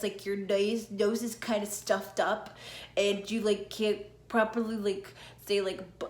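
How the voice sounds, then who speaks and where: A woman's voice: mid-range voice, unhurried, reverberant. A woman teaching an online singing lesson, explaining plainly, checking in often with "okay?" and singing short demonstration notes. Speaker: singing coach.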